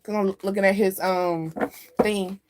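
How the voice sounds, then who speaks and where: A woman's voice: medium pitch, steady tone, unhurried, background noise. Chatty woman doing a tarot reading. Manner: chatty and loose, with repeated asides to the viewer; drifts off topic and laughs at herself. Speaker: tarot card reader. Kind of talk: casual spiritual reading to camera.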